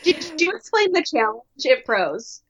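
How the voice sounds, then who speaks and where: A woman's voice: high voice, big pitch swings, unhurried, fairly bright tone. A woman co-hosting a podcast, recapping episodes in a dry, matter-of-fact way. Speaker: podcast co-host. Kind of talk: casual recap chat.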